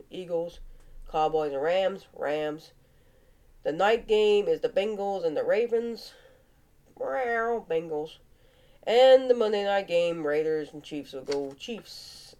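A woman's voice: on the low side, dark tone. A woman with a Cajun accent hosting a casual vlog, chatty and playful, her voice nasal and stuffed up from sinus congestion. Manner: chatty, playful, with animal noises. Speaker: vlog host. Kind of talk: casual football picks vlog.

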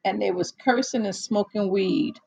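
A woman's voice: medium pitch, moderate pace, creaky, a little mellow, slightly rough, low-quality recording. An older woman hosting a casual monologue, telling stories in a blunt, exasperated way with many restarts.

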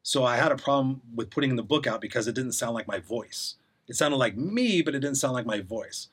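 Man, podcast guest, fast talker, rambling, sarcastic, blunt, restarts often. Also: mid-range voice, animated, a bit bright, slightly rough. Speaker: podcast guest, life coach. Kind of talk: casual conversation.

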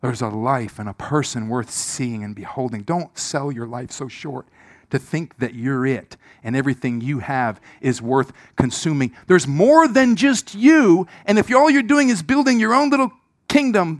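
Man, pastor, sermon, slightly squeaky throat, gravelly, dry close sound. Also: a little slow, dry recording. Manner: animated storyteller, swings from shouts to hushed asides. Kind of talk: sermon with personal story. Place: church.

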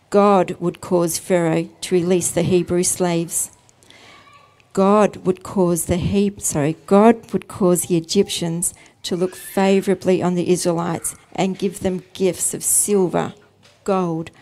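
A woman preacher, giving a calm, measured sermon as a story. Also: lowish voice.

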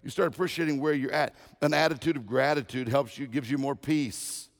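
Gravelly-voiced joking guest preacher. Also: male voice, mid-range voice, steady tone, brisk. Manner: joking, anecdotal, repeats phrases. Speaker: guest speaker. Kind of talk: humorous sermon storytelling.

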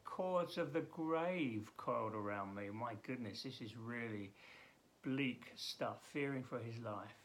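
A man as pastor giving an earnest daily Bible devotional, emphatic and halting with frequent restarts. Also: mid-range voice, a bit bright.

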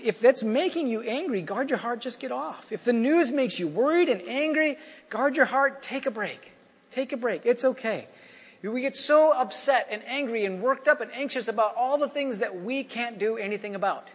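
Male preacher, high-pitched, talks to the congregation casually with repeated lines; church hall echo. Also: lively intonation, moderate pace, fairly bright tone, breathy edge. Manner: conversational preaching with repeated refrains; frequent "you know" and "right?" asides. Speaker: pastor. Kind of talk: sermon. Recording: long hall reverb.

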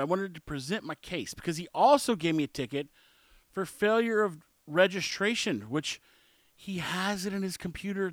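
A man's voice: on the high side, no echo. A man in his forties telling a story in a casual monologue, blunt and opinionated, rambling with restarts. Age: 40s.

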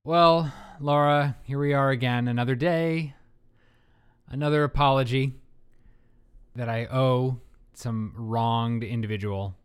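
Brief: male podcast co-host, mid-pitched, loose and self-deprecating, rambles with a grin. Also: steady tone, measured pace, pauses often, smooth. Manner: joking, rambling, self-mocking. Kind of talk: casual chat about board games.

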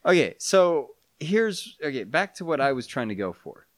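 A man's voice: a little high, big pitch swings, moderate pace, dry recording, clean studio sound. A man co-hosting a podcast, firing off incredulous, profane quips while watching a movie. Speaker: podcast co-host. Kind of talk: casual movie commentary chat.

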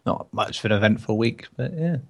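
Man, lowish voice, podcast guest, dry, low-key. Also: lively intonation, fairly quick, vocal fry. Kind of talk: casual podcast chat.

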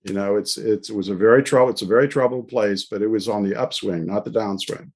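A man with a fairly low voice gives his view on a policy panel. He speaks haltingly and hesitantly, with frequent pauses and fillers. His manner is slow and considered. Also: fairly even intonation, slightly rough.

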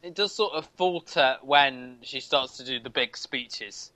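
A man's voice: mid-range voice, measured pace, a crowd in the background. A man co-hosting a TV review podcast, making dry jokes and insisting on his point. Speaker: TV reviewer co-host. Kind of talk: casual chat reviewing TV.

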